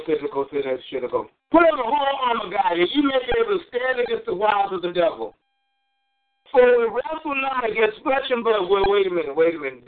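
A man preaching a sermon, swinging between high exclamations and low asides and repeating phrases for emphasis. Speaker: pastor. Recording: tinny phone-line sound.

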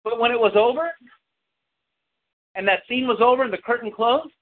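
A man's voice: very high-pitched, animated, normal speed. A man preaching a sermon, calling out to the congregation for responses and telling a story from his childhood. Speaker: pastor. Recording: tinny lo-fi with hiss.

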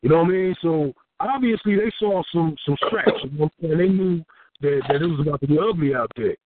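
A man from Houston, a rapper, telling a story in a casual interview, profane and animated, acting out what people said. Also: fairly high pitch, quick pace, noisy background. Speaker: rapper and guest. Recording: tinny phone-like dry sound.

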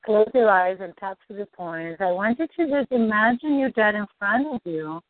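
Woman coach, gentle probing questions, guided tapping session, phone-like dry sound. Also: medium pitch, lively intonation, moderate pace, dry recording. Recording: dry tinny phone-like line.

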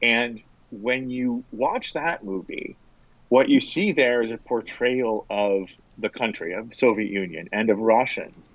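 A man's voice: medium pitch, measured pace, no echo, highs cut off. A man who is a political science professor, giving thoughtful, hesitant answers with many fillers as a guest in an interview.

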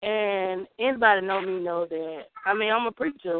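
Over a dry, tinny phone connection with slight background noise, a young Southern-accented woman gives spoken testimony on a call-in show. Her pitch is medium and her pace moderate, and she preaches emphatically straight to the audience.

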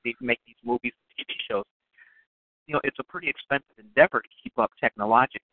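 A man's voice: mid-range voice, fast, no echo. A man hosting a call-in radio show, asking meandering questions full of fillers while he has the hiccups. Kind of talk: casual interview questions. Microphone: phone. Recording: dry, tinny phone line.

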